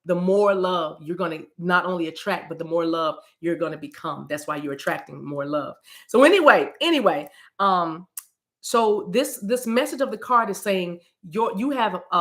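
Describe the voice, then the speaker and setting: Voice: mid-range voice, fairly bright tone. A spiritual card reader giving a casual message, quoting scripture loosely, who often repeats words and restarts sentences.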